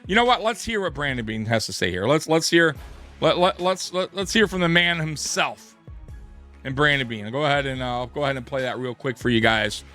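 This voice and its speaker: A man's voice: medium pitch, expressive, fairly quick, sharp tone, soft background music. A man hosting a sports talk show, ranting in a heated, profane way and often restarting his sentences. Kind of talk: sports commentary rant.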